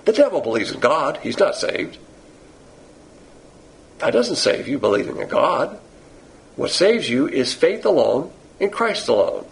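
A male preacher with a gravelly, creaky edge to his voice and a middle-pitched tone. He delivers a sermon bluntly and with sarcasm, and he slows down and hammers key phrases for emphasis. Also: lively intonation, poor audio.

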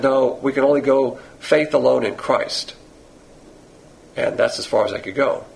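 A male preacher with a gravelly, creaky edge to his voice and a middle-pitched tone. He delivers a sermon bluntly and with sarcasm, and he slows down and hammers key phrases for emphasis. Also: poor audio.

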